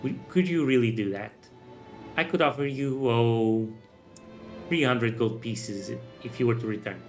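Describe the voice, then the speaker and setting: A man's voice: mid-range voice, measured pace, natural voice. A genteel, fussy well-to-do lady, polite and a little flustered, as a man reads her lines. Her manner is prim and proper. Faint music plays underneath.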